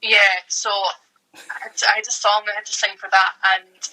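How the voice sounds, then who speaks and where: A woman's voice: mid-range voice, flat delivery, brisk, sharp tone, husky, rough recording. A young woman, an actress in her late teens, chatting as a guest in a hesitant way, full of restarts. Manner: hesitant, many fillers and restarts. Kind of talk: casual interview chat.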